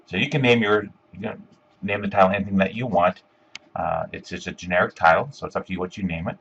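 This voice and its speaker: A man giving a step-by-step screencast software tutorial, talking casually with lots of ums and uhs. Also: low voice, steady tone, quick pace, gravelly, breathy edge, lo-fi sound. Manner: step-by-step, filler-heavy with frequent ums and uhs. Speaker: instructor.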